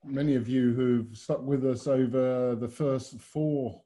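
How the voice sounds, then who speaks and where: A man's voice: medium pitch, steady tone, slow, mellow. A man hosting and presenting a webinar over a video call, talking in broad, expansive metaphors. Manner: expansive, fond of extended metaphors. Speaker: webinar host and consultant.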